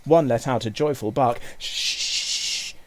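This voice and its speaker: A male teacher reading a children's book aloud, telling the story expressively. His voice has a gravelly grain and a lively, animated pitch. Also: normal speed. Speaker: primary school teacher.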